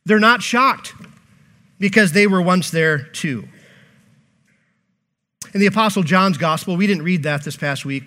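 High-voiced emphatic male preacher. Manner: emphatic, animated, with joking asides. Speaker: pastor. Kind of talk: sermon.

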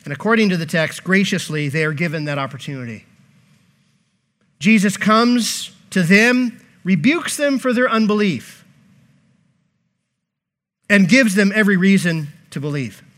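A male pastor preaching a sermon in an emphatic, animated way, with joking asides. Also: high-pitched, measured pace, long pauses.

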